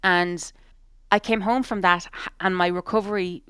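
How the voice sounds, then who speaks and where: Woman, middle-aged, podcast co-host, smooth lowish voice, dry close sound, rambling frank chat. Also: fairly even intonation, moderate pace, fairly bright tone, no room sound. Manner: rambling, frank, swears, many "you know"s. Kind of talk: casual chat.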